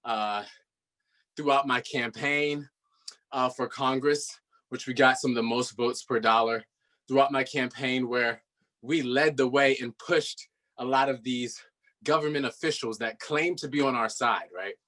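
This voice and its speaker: A man, a rapper and political organizer, speaking earnestly to an online audience in quick bursts with fillers. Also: medium pitch, fairly even intonation, a bit bright. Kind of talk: casual speech to a virtual audience.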